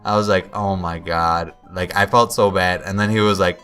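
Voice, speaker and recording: A man's voice: lowish voice, little pitch movement, brisk, a bit bright. Rambling young man telling a story over game music. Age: young adult. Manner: rambling, self-interrupting, quotes himself. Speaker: gameplay commentator. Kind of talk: casual storytelling over gameplay.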